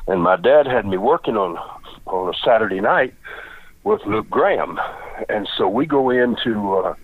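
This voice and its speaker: An older man, a retired wrestler, tells a long story in a casual, rambling, folksy way, repeating lots of words. His voice is lowish and sing-song at a moderate pace. The line is dry and phone-like, with no echo.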